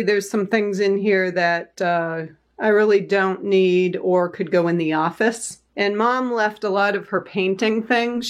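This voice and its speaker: A woman with a Boston accent talks through her plans as she clears out a room at home. Her voice sits at an ordinary middle pitch, and she chats casually and easily, thinking aloud as she goes. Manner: chatty, thinking aloud while tidying. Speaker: vlogger. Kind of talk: casual home vlog chat.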